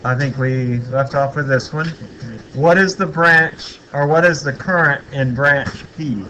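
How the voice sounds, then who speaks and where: A man lecturing a physics class in a relaxed, joking way, thinking aloud with fillers as he works through problems. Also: medium pitch, unhurried, slight background noise, low-quality recording.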